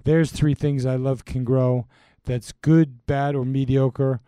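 A man's voice: medium pitch, level tone, slow pace, mellow, clear, resonant tone, no echo, lightly acted. A man reading the part of an earnest young groom-to-be, speaking song lyrics as verse.

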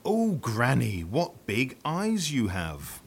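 A man's voice: medium pitch, huge pitch swings, slow pace, gravelly, husky, pitched above the performer's own voice, heavily acted. A man voicing a polite, matter-of-fact young girl in a children's play.

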